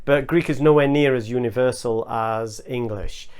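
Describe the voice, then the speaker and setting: Male teacher, mid-range voice, measured step-by-step lesson delivery. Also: mid-range voice, darkish tone, clean tone. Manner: measured, explains step by step with spoken examples. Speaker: English teacher. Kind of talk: explanatory video lesson.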